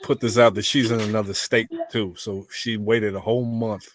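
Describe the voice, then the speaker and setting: A man's voice: on the low side, flat delivery, moderate pace, crowd noise. A man co-hosting a podcast, telling a profane story in casual chat and acting out both sides of the dialogue. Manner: profane, blunt. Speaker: podcast co-host.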